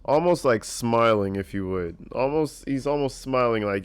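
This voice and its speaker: A man giving casual, joking reaction commentary, peppered with cursing and animated asides. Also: mid-range voice, moderate pace, few pauses, clean tone.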